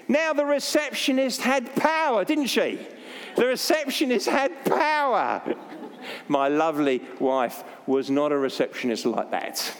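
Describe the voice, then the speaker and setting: A man's voice: sits high, sing-song, measured pace. An older man preaching as a Baptist pastor, jokey and anecdotal, poking fun at himself. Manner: jokey, anecdotal, self-deprecating. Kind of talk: sermon. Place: church. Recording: long church reverb.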